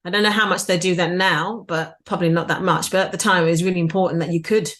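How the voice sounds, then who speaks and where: Lower-pitched middle-aged woman, animated. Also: quick pace. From United Kingdom. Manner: animated, many restarts and "you know". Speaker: guest, PR agency founder. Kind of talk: casual interview chat.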